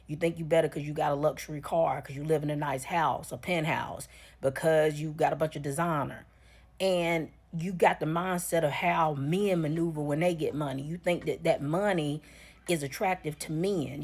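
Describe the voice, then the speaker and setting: Woman, very low voice, husky, blunt lecturing commentary, talks straight to viewers. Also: a little mellow. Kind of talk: reaction commentary.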